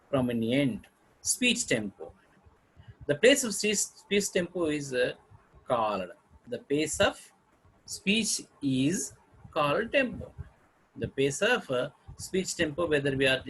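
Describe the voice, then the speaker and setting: A male teacher with an Indian English accent lecturing on English speech patterns, pausing often with fillers and clearing his throat. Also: a little high, fairly bright tone, rough recording.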